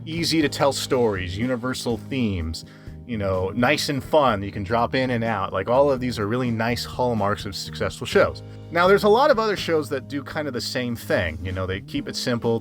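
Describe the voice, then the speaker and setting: A man giving a casual cartoon review as the channel's host. He rambles and restarts his sentences often, and he talks straight to his viewers. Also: medium pitch. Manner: rambling, frequent restarts and fillers; chatty, addresses viewers directly. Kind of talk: casual commentary over a speedpaint.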